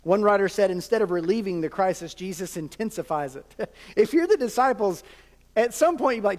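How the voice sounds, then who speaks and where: A man's voice: sits high, lively intonation, fairly quick, darkish tone. A man preaching a sermon as a pastor, conversational with jokes and asides to the congregation. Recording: long hall reverb.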